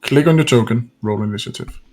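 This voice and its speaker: A man narrating as game master in a tabletop game over voice chat, unhurried and hesitant, with many fillers and chuckles. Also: medium pitch, darkish tone, soft background music.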